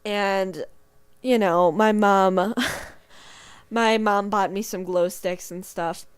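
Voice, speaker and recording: A woman's voice: medium pitch, fairly even intonation, slow, clean tone. A young woman hosting a casual podcast, telling stories with laughter and acting out voices. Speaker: podcast host. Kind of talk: casual storytelling chat.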